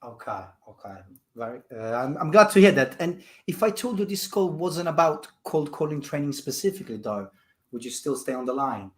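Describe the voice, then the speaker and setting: A man with an Italian accent, a sales trainer making live cold calls on a headset, upbeat and quick to laugh while he moves about. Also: fairly high pitch, lively intonation. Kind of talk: live cold call, chatty and playful.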